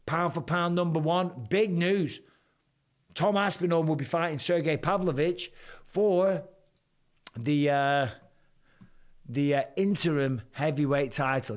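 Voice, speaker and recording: A middle-aged man from Lancashire talks loosely through a live fight-reaction stream, with a strong Lancashire accent. He rambles, swears freely and keeps up a chatty patter. His voice sits in an ordinary middle register. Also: medium pitch. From Lancashire, England. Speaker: host, former fighter. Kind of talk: casual live-stream commentary.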